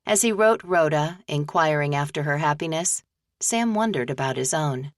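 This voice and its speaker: A woman narrating an audiobook in a measured storytelling manner, close to the mic. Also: low-pitched, animated, dry recording. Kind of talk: scripted narration.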